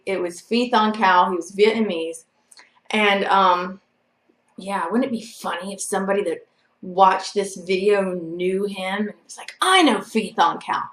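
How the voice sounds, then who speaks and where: A woman's voice: medium pitch, fairly bright tone. A woman telling a personal story to her viewers in a chatty, rambling way. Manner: chatty and rambling, full of "like" and "you know". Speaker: vlogger. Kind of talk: casual storytelling to camera. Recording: echoey room.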